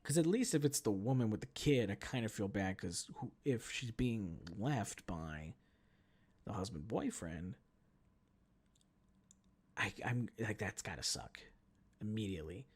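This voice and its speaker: A man's voice: fairly low pitch, expressive, measured pace, pauses often, darkish tone, slightly rough. A man hosting his solo podcast, telling a story in a casual, profane, self-mocking rant. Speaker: podcast host.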